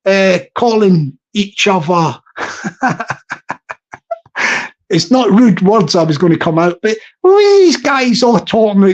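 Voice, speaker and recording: A man's voice: high voice, big pitch swings, takes it slowly, pauses often. A middle-aged man with a Scottish accent chats loosely to his live-stream audience. He digresses and restarts his sentences. The audio sounds a little muffled and lo-fi. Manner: rambling and digressive, with frequent restarts. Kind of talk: casual live-stream chat. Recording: slightly dull lo-fi recording.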